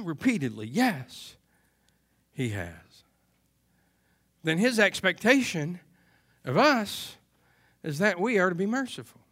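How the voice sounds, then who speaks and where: Male pastor, sermon delivery: high, bright, slow, earnest, emphatic repetition. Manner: earnest, emphatic preaching with repeated phrases.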